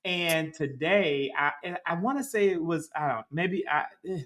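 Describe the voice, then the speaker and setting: Middle-aged Southern man, co-host; animated, profane, bright tone. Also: fairly high pitch, moderate pace. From Mississippi. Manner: animated, rambling, swears freely. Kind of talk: casual political chat.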